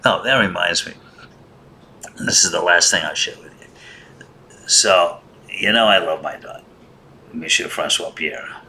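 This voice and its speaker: A man's voice: low-pitched, a little slow, gravelly, long pauses, sharp tone. A man hosting a casual monologue, rambling and wry, grumbling in a joking way. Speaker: host.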